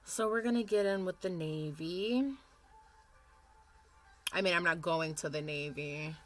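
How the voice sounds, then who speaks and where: A woman's voice: lowish voice, a little slow, faint music behind. A woman in her thirties chatting casually and rambling as she does her makeup at home on camera for a vlog, swearing freely. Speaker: vlogger.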